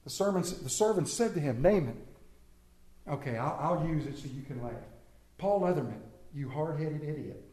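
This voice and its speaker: Male preacher, high voice, lively storytelling sermon in a roomy hall. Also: moderate pace. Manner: animated, acts out bible characters, addresses congregation by name.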